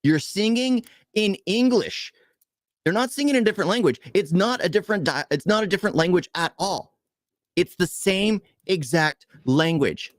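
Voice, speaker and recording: A man's voice: sits high, lively intonation, brisk, no room sound. A man co-hosting a casual movie review, ranting in frustration with rhetorical questions.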